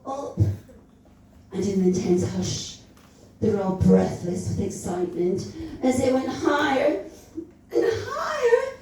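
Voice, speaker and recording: A woman's voice: high-pitched, mellow. A woman storyteller giving a dramatic literary reading at a live club event, lingering over the words with a savouring, teasing delivery. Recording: very echoey room, voice far from the mic.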